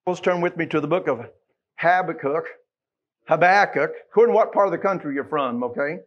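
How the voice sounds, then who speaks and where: Man, Texan accent, pastor, folksy sermon, husky, dull lo-fi livestream. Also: fairly high pitch, lively intonation, very fast. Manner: folksy, joking asides to the congregation.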